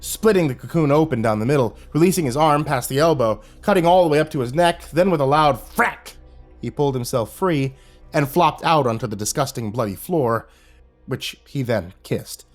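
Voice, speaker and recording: A man narrating a horror story in a steady storytelling delivery. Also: fairly high pitch, normal speed, faint music behind.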